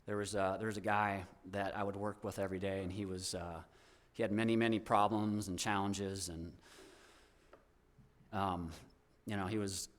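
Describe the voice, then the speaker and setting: Man, young adult, guest speaker at church, informal testimony, rambling, heartfelt, lowish voice. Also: little pitch movement, moderate pace. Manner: rambling and heartfelt, many fillers and restarts.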